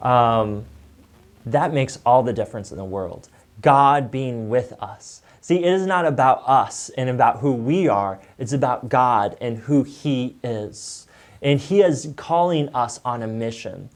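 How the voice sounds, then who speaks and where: A man's voice: mid-range voice, expressive, measured pace. A man teaching an online Bible lesson review in a conversational way, with frequent fillers. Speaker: church teacher.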